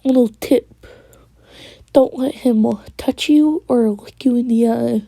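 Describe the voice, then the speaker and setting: Slow, dry-sounding woman, slightly high voice, casual storyteller who drops into whispers. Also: creaky, warm tone, no echo. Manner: rambling, quoting characters with "he's like". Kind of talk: casual fan story retelling.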